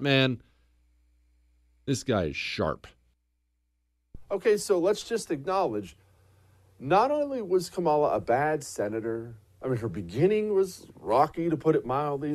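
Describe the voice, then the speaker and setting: Animated sarcastic male political host. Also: a little high. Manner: sarcastic, indignant, animated delivery. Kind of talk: political commentary monologue.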